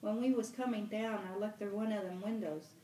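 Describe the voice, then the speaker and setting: A woman's voice: mid-range voice, fairly even intonation, fairly quick, warm tone, slight background noise, natural voice. A woman voicing an anxious, chattering plump schoolboy with asthma, reading aloud from a novel. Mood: earnest. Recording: roomy room, mic at a distance.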